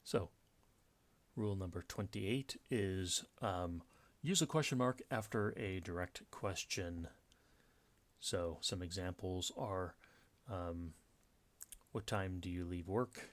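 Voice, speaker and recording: Low-voiced man teaching punctuation. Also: takes it slowly, pauses often. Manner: relaxed, explanatory, with many fillers and restarts. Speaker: writing teacher. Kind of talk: casual lecture.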